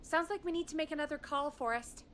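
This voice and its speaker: An actress playing a steady, reassuring woman producer in a video game. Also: sits high, fast talker, a little hiss or hum.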